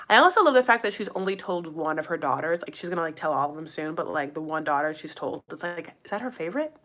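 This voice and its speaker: Fast and with few pauses, a woman with a low, slightly bright voice and lively intonation runs through a reality show recap. Her chat is casual and gossipy, packed with "like" and playful asides, and she calls viewers "you guys" and "honey."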